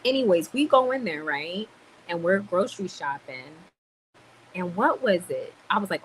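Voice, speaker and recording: A woman's voice: lowish voice, expressive, moderate pace, a little hiss or hum, rough recording. A woman venting on a livestream, annoyed and swearing as she tells a story. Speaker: livestream host. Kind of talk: ranting livestream chat.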